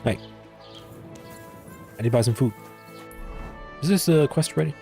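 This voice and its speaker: A man's voice: medium pitch, a little slow, creaky, mellow, soft background music. A man streaming a game, casual and grumbling, swearing freely at what happens on screen. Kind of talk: gaming commentary.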